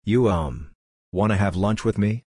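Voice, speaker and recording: A man's voice: fairly low pitch, a little slow, a little mellow, husky, no echo, studio quality. A man reading aloud voicing a blunt, condescending, tired man with a curt manner. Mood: teasing.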